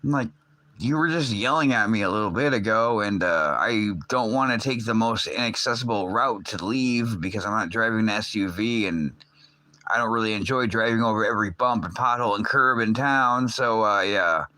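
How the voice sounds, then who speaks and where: A man's voice: lowish voice, normal speed, sharp tone, no room sound. A man rambling casually on his livestream, swearing often and filling gaps with "uh" and "like". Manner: rambling, loose, swears often, many fillers. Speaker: livestream host.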